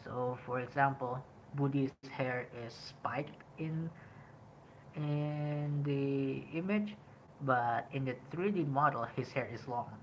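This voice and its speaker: A man's voice: mid-range voice, slow pace, a little hiss or hum, poor audio. Casual Indonesian-accented young man. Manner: rambling, frequent "like" and "um", animated emphasis. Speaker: podcast host. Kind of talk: casual game review talk.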